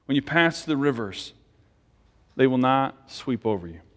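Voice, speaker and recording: A man's voice: mid-range voice, expressive, moderate pace, fairly bright tone, in a large hall. A man giving a conversational sermon as pastor, asking the congregation questions and leading a closing prayer. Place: church sanctuary.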